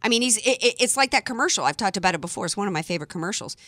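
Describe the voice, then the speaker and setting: A woman hosting a talk radio show, delivering an emphatic, indignant opinion monologue with sarcastic asides and quick restarts when she gets fired up. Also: medium pitch, expressive, fairly bright tone, dry recording, studio quality.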